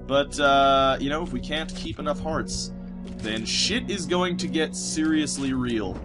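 A man's voice: a little high, animated, unhurried, over music. A man giving casual gameplay commentary, rambling and self-mocking, cursing at the game and slipping into a put-on British accent at times. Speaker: let's play commentator.

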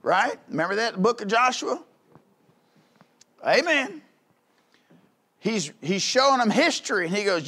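A pastor in a church delivers a folksy, conversational sermon, peppering it with quick rhetorical questions. His voice sits high for a man and rings bright and forceful, swelling into loud, urgent calls. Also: very animated, breathy edge. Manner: rises to loud calls in the climaxes.

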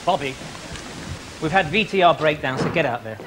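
An actor playing a harried floor manager, barking curt impatient orders in a TV sketch comedy. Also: male voice, on the high side, lively intonation, moderate pace, lightly acted. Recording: distant off-mic voice over loud hiss.

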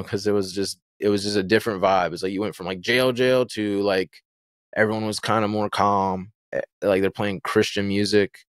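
Guy on a podcast rambling through his story, lots of likes and bros, lowish voice, dry sound. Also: smooth, dry recording. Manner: rambling, filler-heavy, slangy with frequent "like" and "bro". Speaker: podcast guest. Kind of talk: casual personal storytelling.

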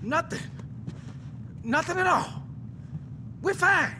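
Brash young male game gangster; high, gravelly, unhurried and boastful. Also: lively intonation, background noise, exaggerated voice. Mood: cocky. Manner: cocky, boastful, defensive. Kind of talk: video game cutscene acting.

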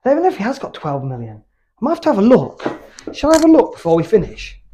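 High-voiced British gym vlogger. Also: male voice, huge pitch swings, very fast, mellow, slight background noise. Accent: British English. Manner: candid, rambling, swears freely. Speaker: fitness YouTuber. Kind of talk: casual chat between workout sets. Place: home gym.

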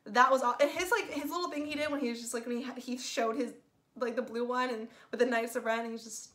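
Excitable woman gushing in a movie review. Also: a little high, fast talker. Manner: gushing, excitable, says "like" constantly. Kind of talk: casual spoiler review.

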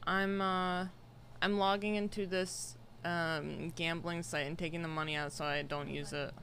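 A woman's voice: on the low side, fairly even intonation, measured pace, fairly bright tone, a little hiss or hum. Young woman chatting on a livestream. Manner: rambling, greets viewers one by one. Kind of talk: casual chat with live chat. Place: home room, air conditioner running.

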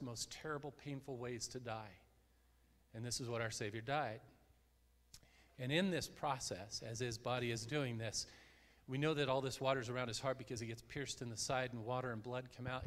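A male guest preacher giving an earnest sermon in a church, dropping to a hushed voice at solemn points. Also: medium pitch. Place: church sanctuary. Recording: long hall reverb.

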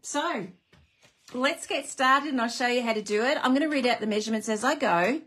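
A woman's voice: a little high, fairly quick. An Australian woman hosting a live card-making demonstration, bubbly and chatty as she greets viewers and walks through each step. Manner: bubbly, chatty and easily excited.

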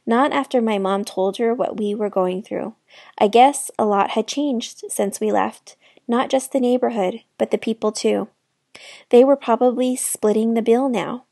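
A woman narrates a children's novel aloud with clear, steady storytelling. Her voice is a little high with a gravelly texture, recorded dry and close to the mic. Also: a little slow, no room sound. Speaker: children's book reader.

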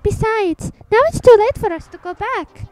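A woman voicing a polite, gentle young girl helping a friend, soft and courteous in her speech. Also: extremely high pitch, moderate pace, a little hiss or hum, pitched above the performer's own voice.

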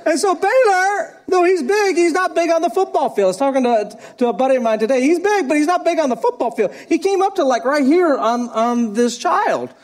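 Middle-aged male pastor, very high voice, storytelling sermon delivery with laughs. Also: animated, fairly quick, hardly any pauses.

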